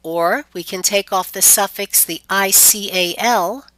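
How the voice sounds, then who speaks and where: A woman teaching pronunciation in a clear, deliberate scripted lesson, stretching out example words. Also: medium pitch, a bit bright, no room sound.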